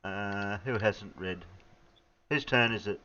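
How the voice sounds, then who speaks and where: A man's voice: fairly low pitch, slow, bright, forceful tone, highs cut off, a little hiss or hum. A man organising a casual group reading over voice chat, teasing and directing whose turn it is.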